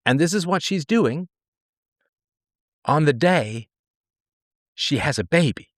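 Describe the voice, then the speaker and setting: A man's voice: a little high, expressive, takes it slowly, no room sound, clean studio sound. A man hosting a livestream monologue, reading statistics and repeating his phrases for emphasis. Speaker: livestream host. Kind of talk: commentary monologue.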